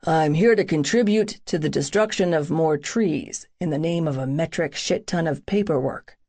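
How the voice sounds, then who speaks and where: A woman's voice: low-pitched, normal speed, dark tone. A woman voicing a wry young soldier. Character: confident young male soldier, protective, wry humor.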